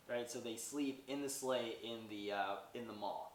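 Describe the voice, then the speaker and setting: A man's voice: mid-range voice, normal speed, far from the mic, a little hiss or hum. A man hosting a podcast, recapping a movie in a rambling, chatty way and acting out the characters' lines. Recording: roomy sound from away from the mic.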